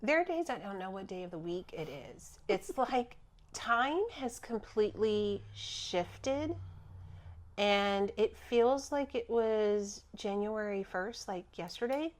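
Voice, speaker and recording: A woman's voice: medium pitch, lively intonation, takes it slowly. A woman who works as a spiritual healer, talking casually on a podcast and acting out her own inner voice with laughs.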